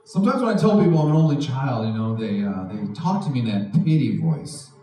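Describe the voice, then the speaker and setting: A young man doing a stand-up comedy set, animated, often jumping into high mocking voices for the people he quotes. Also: a little fast. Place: art house venue with live audience. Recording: echoey room, distant mic, faint noise. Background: audience laughter.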